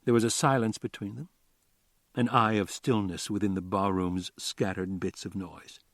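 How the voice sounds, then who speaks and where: Low-voiced male audiobook narrator. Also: level tone, moderate pace, no echo, studio quality. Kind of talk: scripted narration.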